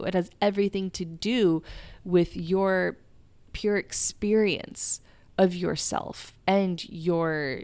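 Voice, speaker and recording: A woman's voice: lowish voice, vocal fry, darkish tone, no room sound. A young woman hosting a podcast, talking in a whispered role-play style, candid and emotional and swearing freely. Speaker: podcast host. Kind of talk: soft-spoken personal reflection.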